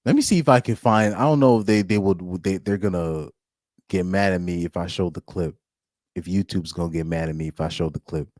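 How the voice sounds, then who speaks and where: A man's voice: low-pitched, brisk, a little mellow, no room sound, studio quality. A man hosting a casual live stream, reacting to a football game and laughing often as he rambles. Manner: laughs often, loose and rambling with many restarts.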